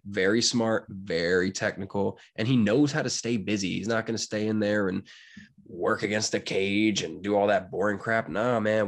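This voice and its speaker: A young man, brash and jokey, giving casual betting picks as a podcast producer. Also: on the low side. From Pennsylvania, USA. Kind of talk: casual monologue.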